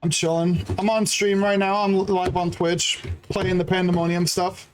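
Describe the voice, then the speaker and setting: Male streamer, jokey live commentary, reads game dialogue out loud. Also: high-pitched, little pitch movement, normal speed, crowd noise. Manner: joking, laughs often, reads game text aloud.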